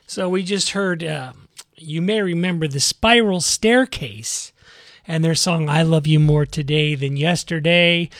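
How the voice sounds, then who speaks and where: A man's voice: fairly high pitch, unhurried, a bit bright, dry recording, studio quality. A man hosting a community radio music show, chatting casually and rambling between songs. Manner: rambling, self-correcting, chatty.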